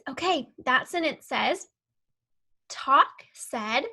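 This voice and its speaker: A young woman teaching an online phonics lesson to young children, patient and clear as she sounds out words and spells letters one at a time. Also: high voice, expressive, slow pace, sharp tone. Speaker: kindergarten teacher.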